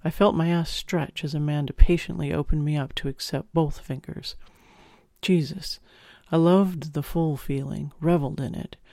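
A man reading a first-person audiobook in an intimate, expressive storytelling manner, close on the mic. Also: a little high, normal speed, vocal fry, few pauses, no room sound. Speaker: audiobook narrator.

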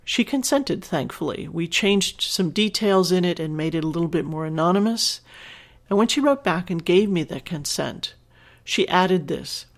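A woman's voice: lowish voice, expressive, moderate pace. A woman hosting a podcast, reading a listener's letter aloud and reacting in an earnest, emotional way, teary and laughing at times. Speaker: podcast host.

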